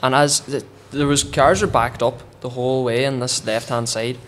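A man with a Derry accent, a podcast guest recounting a car story in halting bursts with plenty of fillers. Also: mid-range voice, fairly even intonation, fairly bright tone, a little hiss or hum. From Derry, Northern Ireland. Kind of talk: casual chat.

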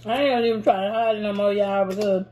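A woman trades sassy, drawling remarks while eating with friends. Her voice is mellow and mid-pitched. A faint noise sits under the recording. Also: fairly even intonation, fast talker. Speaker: podcast co-host. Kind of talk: casual chat during a mukbang.

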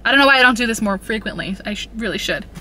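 A woman's voice: on the high side, animated, racing, bright, forceful tone, slight background noise. A woman chatting casually and upbeat about her book haul in a vlog, rambling a little and a bit out of breath, talking from her car. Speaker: book vlogger.

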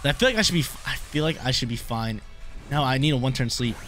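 A young man talks quickly through his own game, thinking aloud in casual slang and repeating phrases as he weighs each move. His pitch sits in an ordinary middle range. Soft game music plays faintly behind him. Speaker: gaming YouTuber. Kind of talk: live game commentary.

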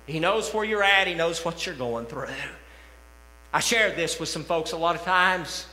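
A man preaching a sermon as pastor, impassioned and rising to shouts, recorded in a church sanctuary. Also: a little high, moderate pace. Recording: echoey church hall with long reverb.

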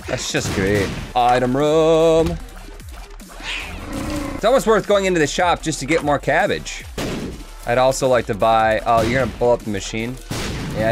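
A man hosting his own gaming channel, chatting jokily through a let's play. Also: on the low side. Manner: excitable, jokey, chatty with the game. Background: game music.

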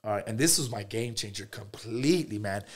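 A man's voice: lowish voice, animated, slight background noise. A man, a podcast guest, telling a personal story in a casual, slangy way, often saying "bro.". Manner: quick talker.

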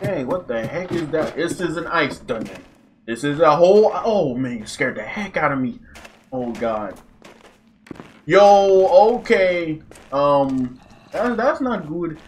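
Panicky high-voiced young gamer yelping. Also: male voice, expressive, unhurried, a little hiss or hum. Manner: yelps and shouts in panic, then mutters nervously. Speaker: gaming YouTuber. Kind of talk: casual gameplay commentary.

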